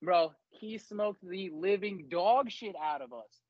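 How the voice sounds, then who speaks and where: Husky young man saying "bro" a lot. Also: high-pitched, takes it slowly, dry recording. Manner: laid-back, says "bro" constantly, swears a lot. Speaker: podcast co-host. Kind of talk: casual chat, swapping army stories. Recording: slightly dull, lo-fi dry mic.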